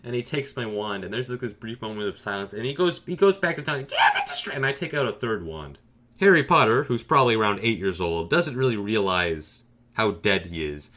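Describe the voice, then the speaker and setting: A man narrating a comedic story in a deadpan, sarcastic, boastful way. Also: lowish voice, a little fast. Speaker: gaming storyteller.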